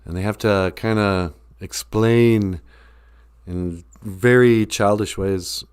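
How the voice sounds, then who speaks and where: A man's voice: on the low side, steady tone, slow, a little mellow, clean tone. A man hosting a casual live stream, rambling and joking while he reads out viewer comments.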